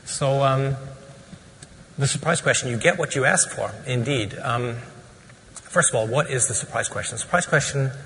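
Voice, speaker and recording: A man's voice: medium pitch, normal speed, a bit bright, long reverb tail, a little hiss or hum, poor audio. A man presenting at a medical conference, casual and joking, with frequent fillers. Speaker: physician presenter. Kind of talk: conference lecture.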